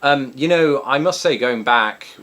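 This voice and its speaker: An Englishman from England with an English accent chats casually as a vlogger from his home in Chicago, answering viewer questions. His mid-range voice is unhurried and a bit bright, and he uses many ums and restarts.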